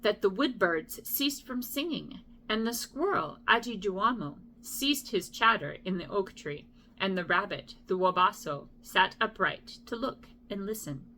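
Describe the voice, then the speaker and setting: A woman's voice: medium pitch, animated, unhurried, bright, forceful tone, slight background noise. A middle-aged woman reading a poem as a bedtime story. She trips over the hard names and breaks off to apologize and joke at her own expense. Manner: stumbles over names and apologizes with self-deprecating asides.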